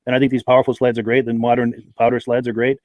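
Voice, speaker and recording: A man's voice: mid-range voice, monotone, very fast, no room sound, phone-quality sound. A man hosting a live podcast, chatting and reading out viewers' names and hometowns. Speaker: podcast host. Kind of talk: live-stream podcast chat.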